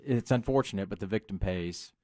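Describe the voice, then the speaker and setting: A man's voice: on the low side, a little fast, dark tone, no room sound. A male radio co-host in a casual morning-show chat, making dry, matter-of-fact remarks.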